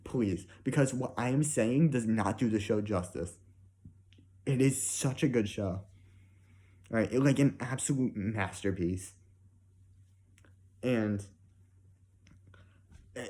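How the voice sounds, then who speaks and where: A man's voice: fairly low pitch, measured pace, long pauses, mellow. A young man giving a casual, emotional spoken review, rambling with many "like" and "right?" fillers and frequent swearing.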